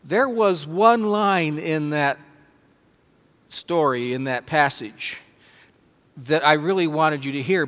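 A man preaching a sermon as pastor, slow and emphatic, stressing words with pauses. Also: a little high, fairly bright tone. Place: church sanctuary. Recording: long hall reverb.

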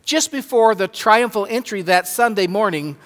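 A man preaching a sermon as pastor, slow and emphatic, stressing words with pauses. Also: high voice, fairly bright tone. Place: church sanctuary. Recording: long hall reverb.

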